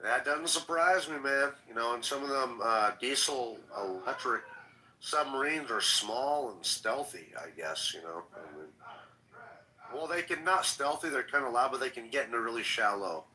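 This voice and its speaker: A man's voice: medium pitch, lively intonation, normal speed, sharp tone, a little hiss or hum, low-quality recording. Blunt, profanity-heavy male livestream host. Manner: blunt, swearing, restarts. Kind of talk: casual political livestream.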